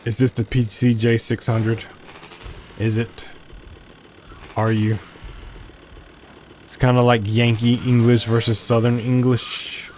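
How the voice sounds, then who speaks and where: A man's voice: medium pitch, flat delivery, slow, pauses often, a little mellow, slight background noise. Rambling man narrating his gameplay. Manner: rambling, self-questioning, chatty. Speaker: gameplay commentator. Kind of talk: casual let's play commentary.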